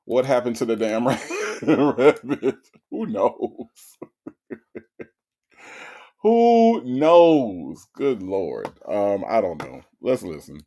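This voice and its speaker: A man's voice: on the low side, a little slow, dark tone. A man hosting casual commentary on recorded calls, wry and sarcastic, with a teasing tone. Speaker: commentary host.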